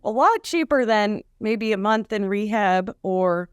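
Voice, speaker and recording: A woman as a guest on a comedy chat, talking calmly and gently evading questions. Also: mid-range voice, unhurried, clear, resonant tone, no echo, clean studio sound. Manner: calm, gently evasive.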